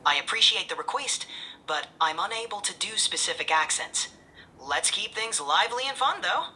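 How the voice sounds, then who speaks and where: This is an artificial woman's voice speaking as a chat assistant. It sounds bright and crisp, and the pitch moves in a lively way. It stays cheerful and eager, with a faint hiss in the background. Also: normal speed. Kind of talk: upbeat assistant replies.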